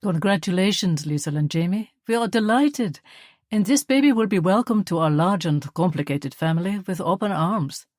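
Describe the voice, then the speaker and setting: A woman's voice: fairly low pitch, animated, normal speed, a little mellow, no room sound, clean studio sound. Woman reading an older man giving a toast. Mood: cheerful. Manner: toasting, cheerful. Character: warm older father figure giving a toast.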